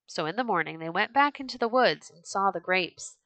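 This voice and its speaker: A woman reads a children's storybook aloud in a clear, gentle way. Her voice is bright, with an average pitch. The sound is dry and close. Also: lively intonation, a little fast, no room sound, rough recording.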